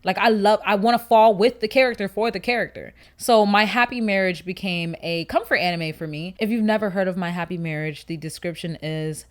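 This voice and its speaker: A woman's voice: medium pitch, animated, a little fast, few pauses. A woman of twenty-one talking casually to camera as a YouTuber, chatty and slangy, rambling off on asides.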